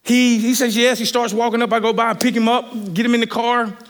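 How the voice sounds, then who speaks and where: A man preaching a sermon, telling a story in an animated, rambling way with many restarts. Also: very high-pitched, a little fast.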